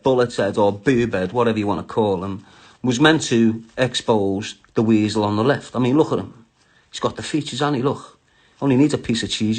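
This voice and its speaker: A man's voice: mid-range voice, breathy edge. A middle-aged man with a Scouse accent from Liverpool, ranting crudely and mockingly on a live stream. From Liverpool, England.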